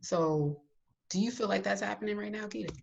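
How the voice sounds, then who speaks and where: A woman's voice: mid-range voice, fairly quick, gravelly, a little mellow, muffled recording. A woman co-hosting a casual podcast chat, speaking emphatically and cutting in with firm opinions. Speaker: podcast co-host.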